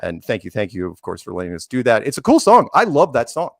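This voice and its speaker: A man's voice: mid-range voice, wildly swooping pitch, fast, gravelly, no room sound, studio quality. A man hosting a casual talk show, telling a teasing made-up story about his guests. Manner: teasing storyteller, quotes people in put-on voices. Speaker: podcast host. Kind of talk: casual chat.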